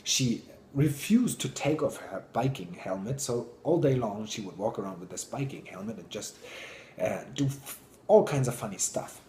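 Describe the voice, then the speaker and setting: A man telling stories to an audience in an enthusiastic, animated way. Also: mid-range voice, moderate pace, roomy sound, slight background noise. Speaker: public speaker. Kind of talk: storytelling talk to an audience.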